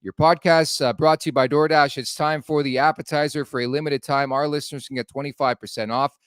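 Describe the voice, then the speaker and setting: A man's voice: fairly high pitch, fairly even intonation, fairly quick, clear, resonant tone, no echo, studio quality. A man co-hosting a casual sports talk show, chatty and laughing along, reading promos between topics. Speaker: podcast co-host.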